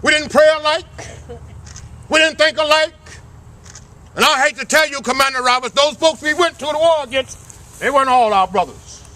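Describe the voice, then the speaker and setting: A man's voice: very high voice, moderate pace, pauses often, bright, forceful tone. A man giving an impassioned outdoor speech at a ceremony, preacher-like, calling for amens. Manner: preacher-like call and response. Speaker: speaker at a flag ceremony.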